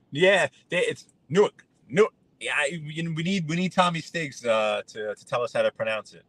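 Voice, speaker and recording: A man's voice: a little high, expressive, normal speed, a bit bright, dry recording, low-quality recording. A man, chatting casually with live-stream viewers while driving, greeting them by name and rambling between topics. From New York. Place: inside a car on the road. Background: road and traffic noise.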